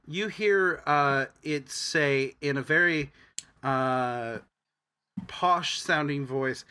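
A man narrating a tabletop role-playing game as game master, explaining rules and the story in a measured way. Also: a little high, pushed and bright, smooth.

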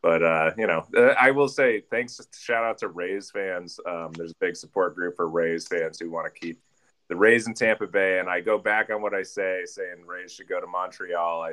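A man's voice: low-pitched, a bit bright. A man co-hosting a casual sports podcast, rambling and correcting himself as he jokes about his team. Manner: rambling, self-correcting, jokey. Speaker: podcast co-host.

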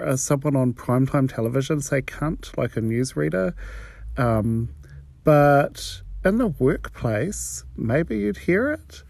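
A man's voice: mid-range voice, a little mellow, no echo. A man from New Zealand with a New Zealand accent, telling a personal story in a profane, frank and wry way.

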